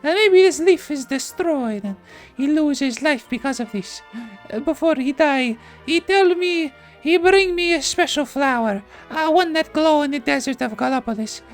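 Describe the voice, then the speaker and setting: Guy doing a sad italian lady, squeaky high falsetto, broken english, some faint music behind. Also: lively intonation, normal speed. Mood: mournful. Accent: put-on Italian. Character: grieving Italian woman widow, high and pleading.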